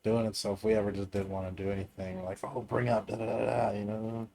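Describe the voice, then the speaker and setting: A man's voice: lowish voice, flat delivery, fast talker, gravelly, crowd noise. A young man co-hosting a podcast, talking in a laid-back, mumbly way and swearing casually. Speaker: podcast co-host. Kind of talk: casual chat.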